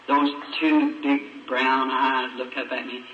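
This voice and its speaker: A man's voice: mid-range voice, little pitch movement, slow, dull audio, a little hiss or hum. A man preaching in a folksy, emotional storytelling way with plain country grammar, recorded from a distance on an old roomy sermon tape.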